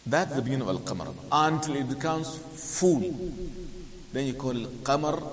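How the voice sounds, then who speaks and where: A man teaching a Quran and Arabic grammar lesson, explaining slowly, quizzing his listeners and chanting the Arabic verses. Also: medium pitch, animated. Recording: hissy recording with long reverb.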